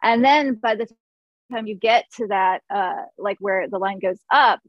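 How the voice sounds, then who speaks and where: A woman's voice: medium pitch, unhurried, no echo, dull audio. A woman who produces music, chatting in an interview and acting out studio moments as she tells them. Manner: animated storyteller, acts out studio moments. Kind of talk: casual interview chat.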